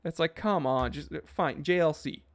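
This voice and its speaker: A man's voice: a little high, moderate pace. A man hosting a podcast, reading chat and rambling casually in laid-back slang.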